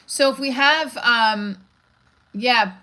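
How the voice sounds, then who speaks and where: A woman's voice: on the high side, slow pace, bright, forceful tone, poor audio. A woman hosting a casual live stream, rambling, restarting her sentences and reading viewer comments aloud. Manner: rambling, restarts often, reads chat aloud. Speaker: livestream host.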